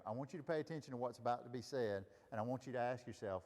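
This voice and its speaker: A man's voice: mid-range voice, brisk, hardly any pauses, long reverb tail. A man leading a Bible study, teaching casually and asking the group questions. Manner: conversational, asks the group questions. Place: room with a group of listeners.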